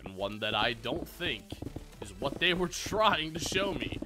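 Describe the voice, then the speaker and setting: A man's voice: medium pitch, very animated, a little slow, over music. A young man rambling through Minecraft commentary as a gaming YouTuber, full of self-mocking jokes. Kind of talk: casual Minecraft let's play commentary.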